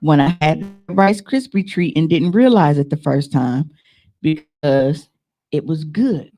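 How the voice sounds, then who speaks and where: A woman's voice: low-pitched, a little slow, mellow. A woman co-hosting a podcast, telling stories and teasing friends in casual chat. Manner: storytelling, teasing, laughing. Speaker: podcast co-host.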